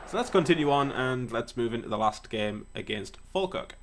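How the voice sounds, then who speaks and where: A young man giving casual, excitable play-by-play commentary on a football management game, swearing now and then. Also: medium pitch, moderate pace, a little hiss or hum. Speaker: gaming YouTuber.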